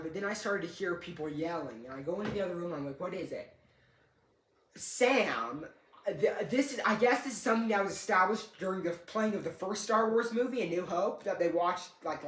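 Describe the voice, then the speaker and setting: A young man with a high, bright, forceful voice tells a story casually in an echoey room. He rambles and corrects himself, with a dry, joking sense of humor.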